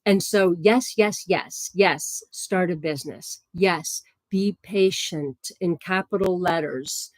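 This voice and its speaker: A woman giving psychic readings on a livestream in a gentle, chatty way, with many fillers and soft laughs. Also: fairly low pitch, slow, few pauses, dry recording.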